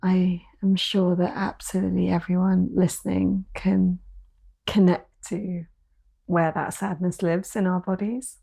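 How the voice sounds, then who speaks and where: A woman's voice: fairly low pitch, level tone, a little slow, creaky, dark tone, slightly rough. A woman hosting a podcast, talking in a reflective, casual way and laughing easily. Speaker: podcast host. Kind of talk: casual conversation.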